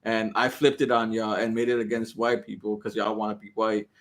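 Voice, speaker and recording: Dude with a lowish voice ranting on a podcast, lots of cussing, super animated. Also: male voice, brisk. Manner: animated, profane storytelling. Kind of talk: casual podcast chat.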